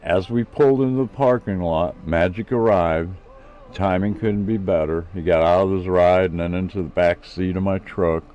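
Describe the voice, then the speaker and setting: A man's voice: low voice, steady tone, moderate pace, darkish tone, lo-fi sound. A man reading his own novel aloud in plain first-person storytelling. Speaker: author and narrator.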